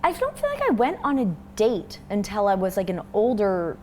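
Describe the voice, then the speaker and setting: A woman's voice: mid-range voice, wildly swooping pitch, normal speed. A young woman from Toronto talks through an interview in a loose, rambling way, full of "like" and half-finished thoughts. Her voice rises and falls a lot as she goes. A faint background hum sits under the recording. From Toronto, Canada. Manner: chatty, rambling with many fillers and likes. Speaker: interview guest. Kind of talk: casual interview chat.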